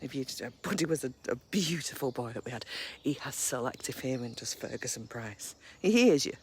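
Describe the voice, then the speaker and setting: A woman's voice: expressive, a little fast, a little mellow, a little hiss or hum. Chatty woman on a woodland walk. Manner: chatty, coos at her dogs in a high baby voice. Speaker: vlogger walking her dogs. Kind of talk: casual live-stream chat while walking. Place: woodland park outdoors, early morning.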